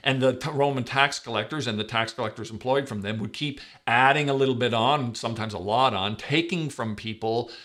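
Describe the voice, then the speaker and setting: A male pastor delivering a sermon in a mid-pitched voice. He leans hard on key words, then drops to soft, low asides. His delivery swings between loud and quiet throughout. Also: brisk, few pauses.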